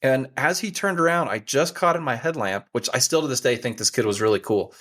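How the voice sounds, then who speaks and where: A man's voice: mid-range voice, brisk. An American man in his forties, a hunting guide, telling a story in casual conversation and acting out the voices of the people in it. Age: 40s. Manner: animated storyteller, acts out quoted voices. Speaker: hunting guide and outfitter, podcast guest.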